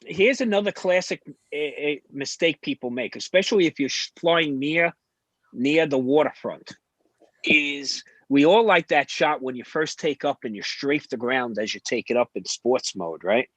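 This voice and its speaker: A man's voice: fairly high pitch, moderate pace, a bit bright, no echo. An older man co-hosting a casual talk show, chatty and emphatic. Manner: chatty, emphatic, says yeah often.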